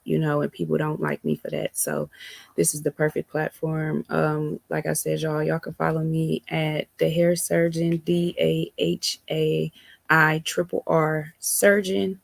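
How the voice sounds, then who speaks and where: Gravelly, flat-voiced woman panelist. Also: deep voice, a little slow, no room sound. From Cleveland, Ohio. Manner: friendly, chatty, calls others girl. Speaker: guest panelist, hairstylist. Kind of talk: casual panel chat.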